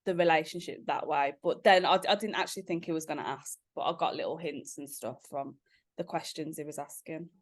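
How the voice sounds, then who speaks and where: A woman's voice: low voice, brisk. A woman, a podcast guest chatting casually and telling stories with frequent laughs. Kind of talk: casual chat.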